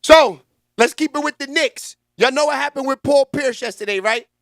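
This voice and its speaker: High-pitched excitable man hosting a vlog. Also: normal speed, no echo, clean studio sound. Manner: loud, excitable, slangy trash talk. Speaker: host. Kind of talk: casual commentary vlog.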